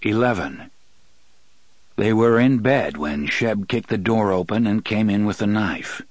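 Here a man narrates a scripted audiobook with calm, even pacing. His pitch is fairly low, and the sound is dry.

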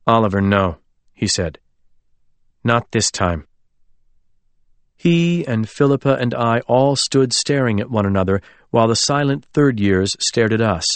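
A man reading a novel aloud as an audiobook narrator, in a measured, literary storytelling manner. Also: mid-range voice, no echo. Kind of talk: scripted narration.

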